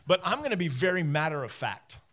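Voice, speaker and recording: A man's voice: fairly high pitch, fairly quick. A man preaching a sermon from a church stage as the teaching pastor, talking straight to his listeners with self-deprecating humor. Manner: conversational, animated, talks straight to listeners.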